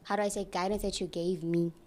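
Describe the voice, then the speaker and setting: A woman's voice: on the low side, level tone, quick pace, darkish tone. A young woman intern chatting casually in a studio, emotional and giggly, rambling with restarts. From South Africa. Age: young adult. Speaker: departing intern.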